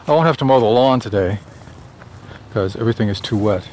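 A man's voice: on the low side, fairly quick, a little mellow, slight background noise. A man talking casually while out walking, chatty and rambling, a bit out of breath. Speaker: author vlogging on a walk. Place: outdoors on a sunny suburban street.

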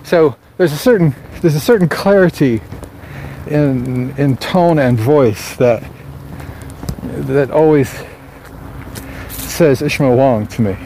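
A man's voice: medium pitch, slow pace, pauses often, warm tone, slight background noise. A man vlogging casually outdoors as an author, musing aloud in a rambling way with lots of fillers and restarts. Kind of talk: casual morning vlog.

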